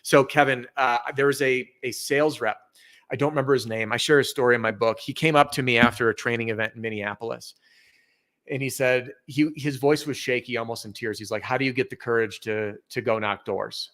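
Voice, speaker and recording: A middle-aged man talking as a podcast guest, telling stories in an earnest, energetic way. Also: medium pitch, fairly quick. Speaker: podcast guest, roofing sales trainer. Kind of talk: casual interview chat.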